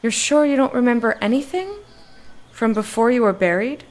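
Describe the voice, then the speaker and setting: A woman's voice: fairly high pitch, normal speed, a little mellow, close to an everyday voice. A woman reading game lines aloud as a curt young archaeologist. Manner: curt, impatient.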